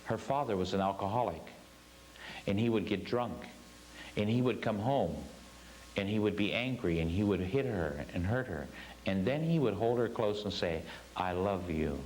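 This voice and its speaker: A man with a fairly low voice leads a spiritual class, telling a story in an earnest, emphatic way. He hammers home his points by repeating phrases. A faint hum sits under the recording. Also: animated, normal speed, a little mellow, poor audio. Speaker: spiritual teacher.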